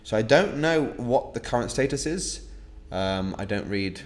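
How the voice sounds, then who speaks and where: A man's voice: medium pitch, lively intonation, moderate pace. Chatty man hosting a wine tasting. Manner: chatty, self-mocking, laughs often. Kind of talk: casual online tasting chat.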